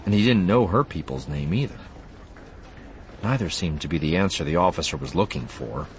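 A man's voice: deep voice, expressive, moderate pace, a little hiss or hum. A man narrating an audiobook expressively, voicing the character lines too.

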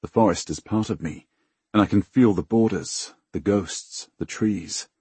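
Deep, husky male audiobook narrator. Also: unhurried, dark tone, no room sound. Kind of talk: first-person audiobook narration.

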